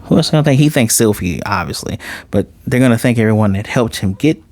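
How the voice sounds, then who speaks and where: A man's voice: fairly low pitch, animated, fast talker, a little mellow, no room sound. A man giving a heartfelt, conversational review of an anime episode, swearing casually as he talks.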